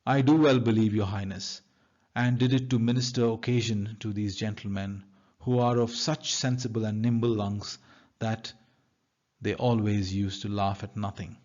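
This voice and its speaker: A man's voice: on the low side, fairly even intonation, normal speed, a little mellow, natural voice. A male teacher with an Indian English accent reading an idealistic old male courtier in an earnest reading voice. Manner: read aloud in an earnest reading voice. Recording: dull lo-fi recording.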